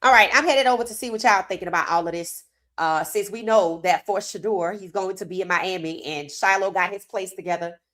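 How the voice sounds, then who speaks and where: A woman hosting a live sports talk stream, reading viewer comments aloud and reacting with animated opinions, her voice worn from hours of streaming. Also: mid-range voice, brisk. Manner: animated, talks straight to chat, reads comments aloud. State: losing her voice.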